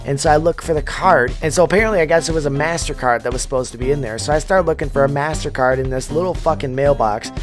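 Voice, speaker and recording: A man tells a delivery story in a heated, crude rant, swearing nearly every line. His voice sits a bit high for a man. Faint music plays under him. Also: fast talker, few pauses. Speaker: pizza delivery driver and vlogger.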